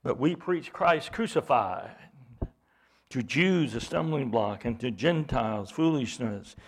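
A man's voice: medium pitch, expressive, a little slow. A man preaching an expository sermon, emphatic, acting out mocking voices as he reads.

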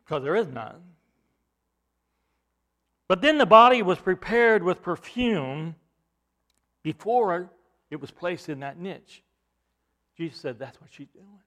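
A man's voice: sits high, a bit bright. A man preaching a sermon to his congregation, pressing his points with rising emphasis and repeated words.

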